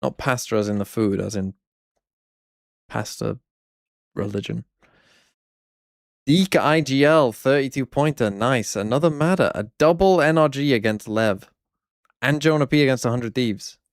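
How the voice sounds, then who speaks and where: A man's voice: mid-range voice, measured pace, pauses often, no echo, studio quality. A man streaming, casually reviewing viewers' fantasy teams in a wry, blunt way, thinking aloud. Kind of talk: casual livestream commentary.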